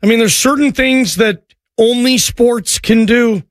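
A man with a notably high voice hosts a sports call-in show. He keeps the talk moving with friendly, quick banter with callers. The sound is dry and close. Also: no echo. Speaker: sports radio host.

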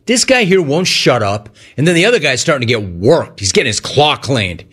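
A man's voice: medium pitch, very animated, fast talker, hardly any pauses, a bit bright, breathy edge. A man hosting sports talk radio, telling a rambling, jokey story and acting out the voices in it. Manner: rambling, jokey, acts out the voices in his stories.

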